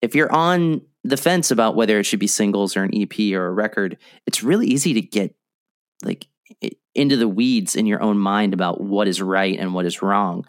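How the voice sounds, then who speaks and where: A man's voice: fairly low pitch, moderate pace, no room sound, clean studio sound. A man hosting a podcast, asking long-winded questions and joking with his guest. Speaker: podcast host. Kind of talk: casual interview chat.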